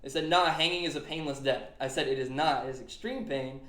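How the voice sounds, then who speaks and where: A man's voice: medium pitch, a little fast, bright, forceful tone. Earnest young man in an echoey room. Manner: earnest, retelling a conversation with many fillers. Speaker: streamer and podcast host. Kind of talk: casual podcast chat.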